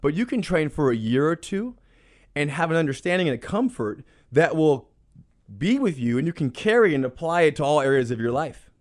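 A man talks through his ideas on a podcast, earnest and explanatory, with a slightly higher voice than most men. He often repeats a phrase to drive his point home. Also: very animated, fairly quick. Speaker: jiu-jitsu instructor, guest. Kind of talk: conversational podcast interview.

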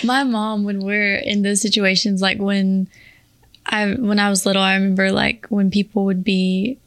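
A woman co-hosting a podcast, recalling memories in a relaxed, hesitant way. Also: mid-range voice, normal speed, no echo. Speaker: podcast co-host. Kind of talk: casual chat.

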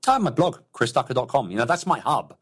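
A man's voice: mid-range voice, sing-song, fast, a bit bright, slightly rough. A man from London, a business owner chatting as a podcast guest in an upbeat, jokey way. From England, London. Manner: upbeat, jokey, laughs often. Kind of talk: casual interview chat.

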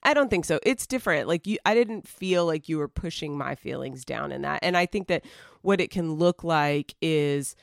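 A woman's voice: deep voice, expressive, normal speed, vocal fry, dry recording, studio quality. A woman co-hosting a podcast, speaking candidly and emotionally in casual conversation, pushing back at times. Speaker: podcast co-host.

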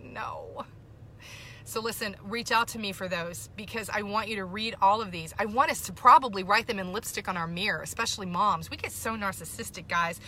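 A woman host in middle age speaks straight to her listeners in a loose, chatty way, pressing her points and saying them twice. Her voice sits a little high and comes across bright and forceful. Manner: animated, emphatic, repeats key points. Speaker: podcast host. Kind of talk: casual talk to listeners.

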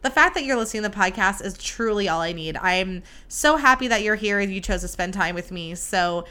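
A young adult woman hosting a solo podcast, chatting casually in an animated, gushing and dramatic way, speaking straight to her listeners. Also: medium pitch, a little fast, clean tone. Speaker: podcast host.

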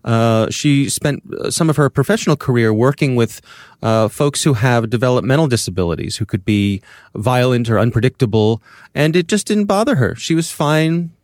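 A man co-hosting a podcast, musing aloud in casual chat at a measured, thoughtful pace. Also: medium pitch, expressive, darkish tone, no room sound, clean studio sound. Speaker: podcast co-host.

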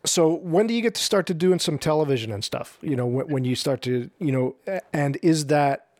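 Enthusiastic New York host, dry close mic. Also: male voice, fairly high pitch, lively intonation, darkish tone, no echo. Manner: enthusiastic, quick reactions. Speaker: podcast host. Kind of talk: casual interview chat.

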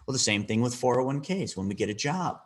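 A husky-voiced man speaks as a financial advisor in an interview. He tells his story with lively energy, acting out the quoted dialogue. His voice has a rough, breathy edge at an ordinary pitch. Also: quick pace. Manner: animated, acts out quoted dialogue.

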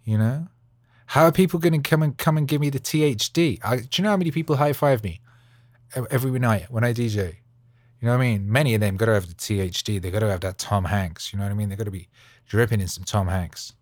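A man hosting a podcast, rambling casually in an animated, jokey way full of slang. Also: fairly low pitch, quick pace, dry recording. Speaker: podcast host. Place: Los Angeles studio.

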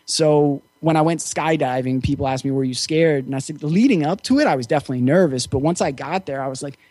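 Male interview guest, fairly high voice, easygoing and reflective storyteller, close dry recording. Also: fast, a little mellow, no echo. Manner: reflective, easygoing, with frequent fillers. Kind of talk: casual storytelling.

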